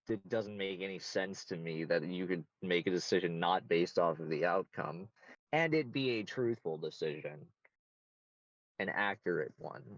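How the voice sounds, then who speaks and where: Male interviewee, low-leaning voice, self-assured and blunt, dry muffled video-call sound. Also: no echo. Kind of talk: casual conversational interview.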